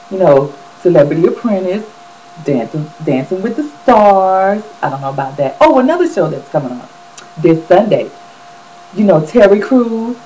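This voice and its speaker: A woman hosts her own gossip vlog in a mellow, warm-toned voice. Her pitch jumps around with animated, sassy swings as she chats straight to viewers. The audio is dull and lo-fi. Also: a little hiss or hum. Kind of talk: casual celebrity gossip chat.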